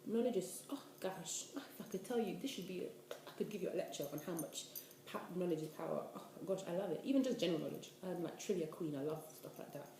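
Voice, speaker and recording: Young british woman, low mellow voice, chatty advice vlog, echoey room with faint hiss. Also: quick pace. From United Kingdom. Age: 20s. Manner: chatty, animated, preachy asides. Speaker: university student vlogger.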